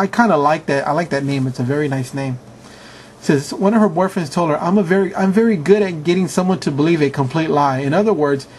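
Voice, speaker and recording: A man's voice: on the high side, a little mellow, slight background noise. A man casually reading out answers from viewers, chuckling and reacting with mock outrage. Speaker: video host reading answers. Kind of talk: casual commentary reading aloud.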